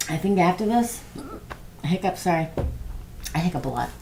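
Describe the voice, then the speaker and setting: A woman's voice: fairly low pitch, animated, moderate pace, gravelly, darkish tone, a little hiss or hum. A middle-aged woman doing a chatty live-stream tarot reading, laughing often and talking to viewers by name. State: prone to losing her voice. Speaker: tarot reader.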